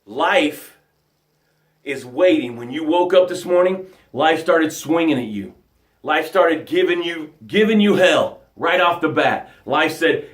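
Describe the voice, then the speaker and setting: A high-voiced man giving an impassioned motivational talk as a success coach, rhythmic and fond of repeating his key phrases. His voice rings in a roomy, echoey space picked up by a webcam mic. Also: animated, measured pace. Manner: drops to a soft hushed voice when guiding breaths. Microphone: webcam broadcast mic.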